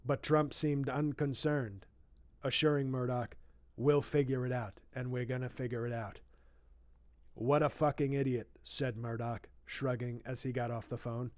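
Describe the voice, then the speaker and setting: A man's voice: mid-range voice, fairly even intonation, a little slow, no room sound, close to an everyday voice. A man doing a boastful rambling politician. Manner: boastful, rambling, interrupts his own reading with asides. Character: boastful rambling older male politician, self-praising. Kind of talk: comic impression reading a book aloud.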